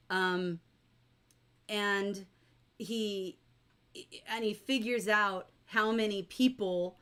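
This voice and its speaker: A middle-aged woman teaching a livestreamed novel-study class, chatty and animated, reading viewer comments aloud and acting out characters' lines. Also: medium pitch.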